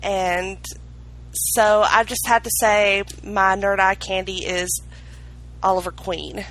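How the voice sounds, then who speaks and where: A woman's voice: medium pitch, fairly even intonation, slow pace, a bit bright, poor audio. A woman co-hosting a podcast, rambling hesitantly with many fillers. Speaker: podcast co-host.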